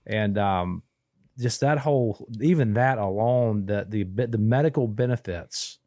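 A man, telling a long story in casual podcast chat, rambling and restarting, animated when he quotes people. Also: on the low side, unhurried, no echo, studio quality. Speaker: podcast co-host.

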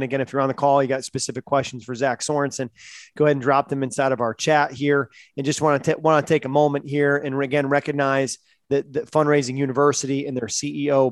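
A man's voice: mid-range voice, dry recording, studio quality. A man hosting a Q&A podcast who reads out sponsor messages and listener questions and spells out contact details. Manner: brisk affirmations; reads sponsor copy slowly and spells out details. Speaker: podcast host.

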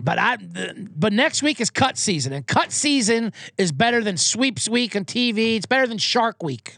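A man's voice: high-pitched, a bit bright, no room sound, studio quality. A man hosting a comedy sports podcast, ranting with profanity and getting fired up. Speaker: podcast host.

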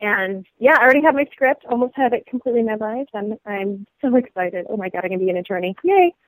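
A woman actress and model chatting as an interview guest, bubbly and quick to laugh. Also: mid-range voice, no echo, rough recording. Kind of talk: casual interview chat.

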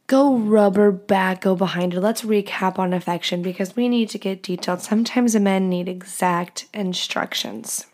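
A young woman hosts her podcast alone, chatting frankly and crudely and breaking into laughter now and then. Her voice sits at a middle pitch with a gravelly edge. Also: darkish tone. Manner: candid, crude and joking, laughs often. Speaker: podcast host. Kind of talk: casual solo podcast talk.

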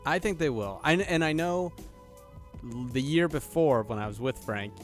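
A man's voice: on the high side, expressive, moderate pace, soft background music. Easygoing male podcast co-host. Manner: brief, agreeable interjections. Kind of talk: casual chat.

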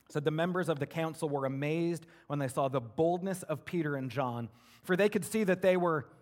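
A man preaching a sermon as a pastor, in an energetic, conversational way full of rhetorical questions. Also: medium pitch.

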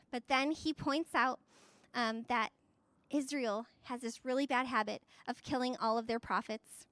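A woman's voice: high-pitched, normal speed, a bit bright, dry recording. A woman giving a casual Bible lesson, chatty and conversational, with fillers, tag questions and light laughs. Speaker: Bible teacher.

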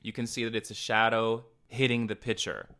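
A man co-hosting a podcast, casually retelling a horror film's plot in an animated way and quoting its characters. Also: fairly quick. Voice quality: deep breather. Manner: animated retelling with quoted voices. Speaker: podcast co-host. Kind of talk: casual chat recapping a film.

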